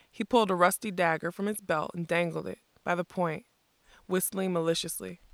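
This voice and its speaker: A narrator reading a fantasy story aloud in a steady, measured way. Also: mid-range voice, no room sound. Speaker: audiobook narrator.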